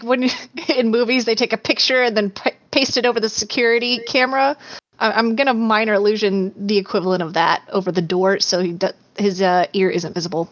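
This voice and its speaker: A woman's voice: medium pitch, fairly bright tone, highs cut off. A woman playing in a tabletop game, chatting casually and explaining her moves. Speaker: player.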